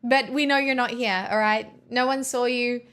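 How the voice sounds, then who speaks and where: A woman hosts a live stream from home, talking to her chat in a casual, sarcastic and playful way. Her voice sits fairly high, and she speaks into a desk microphone. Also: fairly even intonation, moderate pace, a bit bright, clear, resonant tone. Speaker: livestream host.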